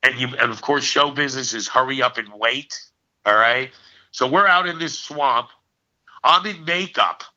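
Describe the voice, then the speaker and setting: A man in his sixties, an actor guest, telling stories as an animated raconteur who punches his lines with "okay.". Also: mid-range voice, normal speed. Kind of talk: storytelling in a casual interview. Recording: dull lo-fi recording.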